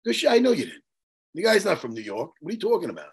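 A man co-hosting a podcast over a video call, talking animatedly and teasing, with loud bursts now and then. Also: high-pitched, wildly swooping pitch, fast talker, husky. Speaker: podcast co-host. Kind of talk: casual chat.

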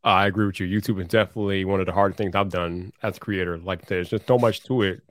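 A man in his forties hosting a podcast, talking in an energetic, emphatic, slangy way. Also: sits low, rapid-fire, no echo, studio quality. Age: 40s. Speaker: podcast host. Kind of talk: casual podcast chat.

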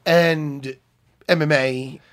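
A man's voice: a little high, extremely slow. A middle-aged man, co-hosting a casual podcast chat and telling swearing-laced fighting stories. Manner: animated, swearing storyteller. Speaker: podcast co-host, jiu-jitsu fighter.

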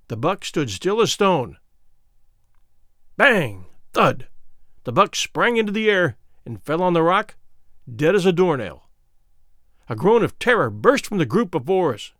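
A man narrating a first-person adventure story in a measured, expressive way. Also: fairly high pitch, dry recording, studio quality. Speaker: audiobook narrator.

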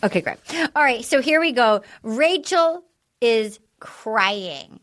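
A woman with a high, bright-toned speaking voice leads a loose, chatty recap. She is blunt and frank, joking as she goes. Her delivery is animated and conversational. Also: takes it slowly. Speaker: podcast host. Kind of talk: casual recap chat.

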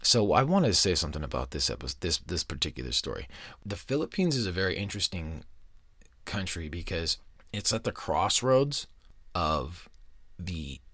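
A man with a very low voice hosts a podcast and tells strange stories in a loose, rambling way. He swears constantly and cuts himself off mid-sentence. The sound is dry and close, with no room around it. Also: animated, moderate pace, a bit bright, dry recording. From United States. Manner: profane, rambling, self-interrupting. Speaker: podcast host. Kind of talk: casual podcast storytelling.

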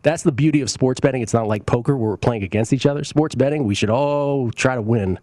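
A man's voice: medium pitch, a little fast, warm tone, dry recording, clean studio sound. Opinionated man hosting a sports betting show. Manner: opinionated, conversational, with fillers and asides. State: coughing, briefly choked up. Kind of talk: casual sports betting talk, reading listener tweets.

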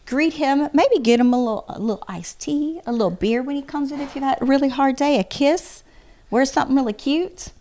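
A woman's voice: sits high, a little fast, a little mellow. A middle-aged woman, giving earnest, heartfelt advice as an interview guest. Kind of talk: casual conversation.

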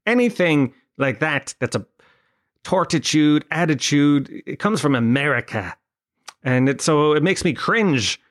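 A man's voice: on the high side, expressive, a little slow. An Irish man hosting a podcast, telling a rambling comic story full of swearing and self-mockery. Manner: profane, self-mocking storyteller. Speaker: podcast host.

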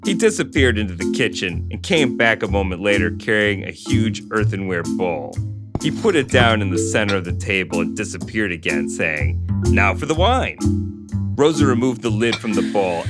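A man's voice: lowish voice, expressive, moderate pace, loud music behind the voice. A man co-hosting a casual podcast, reading a novel aloud and chatting, with playful asides and frequent laughter. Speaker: podcast co-host and reader.

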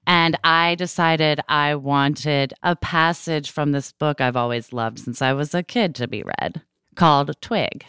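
A woman's voice: deep voice, unhurried, fairly bright tone, clear, resonant tone, dry recording. A woman co-hosting a podcast, frank and joking, swearing casually as she chats. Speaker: podcast co-host. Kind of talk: casual chat.

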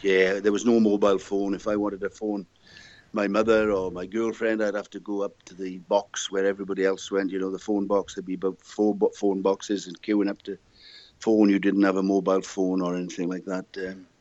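Older Welsh guy, jovial storyteller, lowish voice, dry dull lo-fi take. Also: flat delivery, fairly quick, darkish tone, no room sound. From Wales. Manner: chatty, jovial anecdote teller. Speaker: guest. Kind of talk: casual interview storytelling.

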